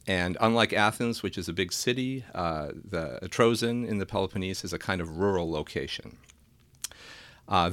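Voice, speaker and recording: A man's voice: low-pitched, a bit bright, dry recording. A man co-hosting a podcast, giving a thoughtful, hesitant summary with many fillers and restarts. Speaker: podcast co-host. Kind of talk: casual academic discussion.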